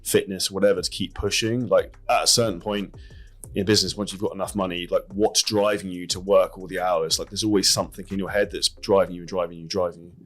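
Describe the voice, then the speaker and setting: An English fitness coach speaking as a podcast guest, direct and quick, with frequent "like" and the odd swear word. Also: male voice, sits low, fairly even intonation, a bit bright, soft background music. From England. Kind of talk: casual interview chat.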